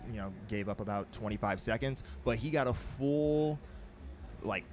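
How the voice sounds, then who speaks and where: A man reporting live on a race, out of breath, recapping runner positions in a quick, chatty way. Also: on the low side, a little hiss or hum.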